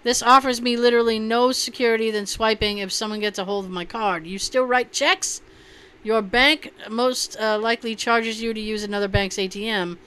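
A young woman co-host with a bright, clear tone and a slightly high voice. She reads listener comments in a blunt, wry, casual way. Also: fairly even intonation, normal speed. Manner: blunt, wry, swears freely.

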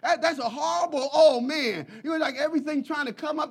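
A male preacher delivering a lively, folksy sermon, swinging between hushed talk and shouting. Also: very high-pitched, fairly quick.

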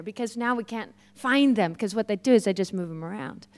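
A woman preaching a sermon, telling personal stories in a lively way and laughing often. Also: fairly high pitch, brisk. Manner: lively storytelling, laughs often, acts out quoted voices. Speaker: guest preacher.

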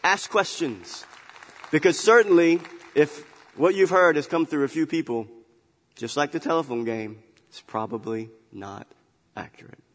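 A man preaching a sermon as pastor, emphatic and animated, swinging between loud emphasis and quiet asides. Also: on the high side, measured pace, long reverb tail. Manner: animated, emphatic storytelling with big swings in loudness. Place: church sanctuary.

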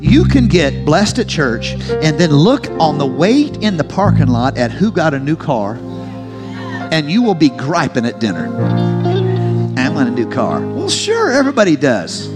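A male pastor preaching a sermon, rising to emphatic peaks and slowing into drawn-out prayerful lines. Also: on the high side, huge pitch swings. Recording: faint music under the voice.

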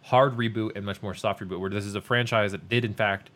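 A man's voice: fairly low pitch, fairly even intonation, quick pace, fairly bright tone. A man co-hosting a casual podcast, explaining movie facts confidently. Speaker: podcast co-host. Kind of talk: casual chat.

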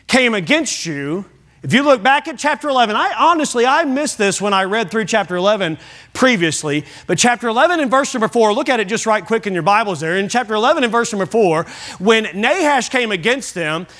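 A man's voice: sits high, fairly bright tone. A man preaching a sermon to a church congregation, emphatic and repetitive, putting questions directly to his listeners. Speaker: pastor. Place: church sanctuary.

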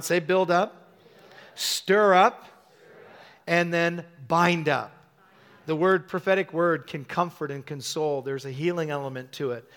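Middle-aged pastor guy preaching, slightly high voice, lots of ums and restarts, asks the crowd to repeat. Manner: animated, call-and-response, many fillers and restarts. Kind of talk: preaching sermon with stories.

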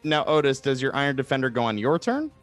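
A man's voice: mid-range voice, very animated, fast, a bit bright, soft background music. A man narrating as game master of a tabletop game, in a loose, rambling way with many fillers.

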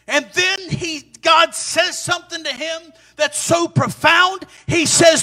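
A man preaching a sermon in an animated, sing-song way, with sudden loud peaks. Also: very high voice, takes it slowly, hardly any pauses.

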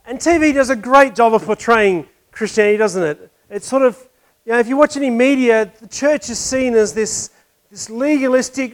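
A man preaching a conversational sermon, asking questions and telling a wry joke. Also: very high voice.

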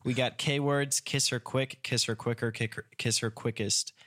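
A man's voice: medium pitch, steady tone, normal speed, a bit bright. A man co-hosting a casual podcast, reading tongue twisters aloud and coaching his partner through them. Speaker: podcast co-host leading the exercises.

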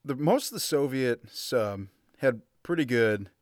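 A man with a middle-pitched voice talks through a film in relaxed podcast banter. He keeps his remarks short and easygoing. The recording is dry and close. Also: a little slow, no room sound. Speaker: podcast co-host. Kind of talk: casual movie review chat.

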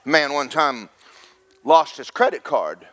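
A middle-aged man preaching a sermon as pastor, rising to a loud rhythmic peak and slipping in joking asides to the congregation. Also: a little high, expressive, slow.

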